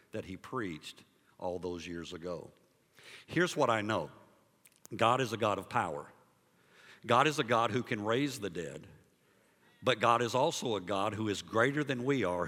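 A male pastor preaching a sermon and telling a story, moving between loud emphasis and hushed, quiet passages. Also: on the low side, long reverb tail. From Liberia. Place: church sanctuary.

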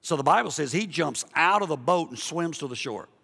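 A forceful, bright-voiced man preaching with fervor, his pitch sitting a little high. He swings from hushed lines to loud, driving ones and doubles back on his words. A long reverb from a big church hall trails every phrase. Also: lively intonation, brisk, gravelly, slightly rough. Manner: impassioned, swings between hushed and loud, repeats himself. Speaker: pastor. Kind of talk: sermon.

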